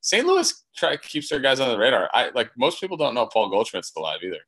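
A man's voice: mid-range voice, sing-song, a little fast, fairly bright tone, husky. A young man co-hosting a podcast, chatting casually about baseball in a loose, slangy, rambling way. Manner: loose, rambling, slangy delivery with "bro" and "dude". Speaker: podcast co-host.

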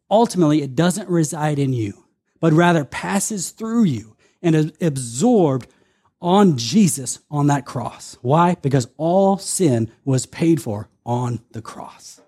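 A man preaching a sermon as a pastor, earnest and steady, reading scripture aloud and slowing down to stress key points. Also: a little high, husky. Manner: earnest, quotes scripture, shifts pace for emphasis.

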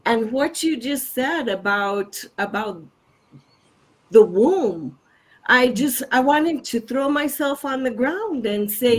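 An older woman speaks slowly and with deep feeling over a video call, pausing and restarting as she searches for words. Her voice is fairly high. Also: animated, low-quality recording. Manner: heartfelt, emphatic, halting. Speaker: conference attendee asking a question. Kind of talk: casual chat.

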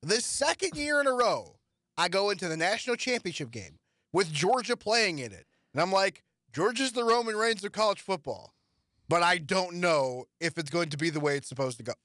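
A man co-hosting a podcast, talking sports in a casual, animated way and mocking himself as he acts out what people said. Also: high voice, moderate pace, no echo, studio quality. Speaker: podcast co-host.

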